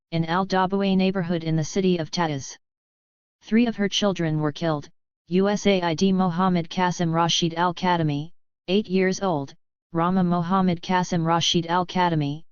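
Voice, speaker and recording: Reading first-person testimony in a measured audiobook manner, this woman keeps her delivery slow, steady, and grave. Her low voice comes across smooth and clear. The sound is dry, a little dull, and somewhat lo-fi.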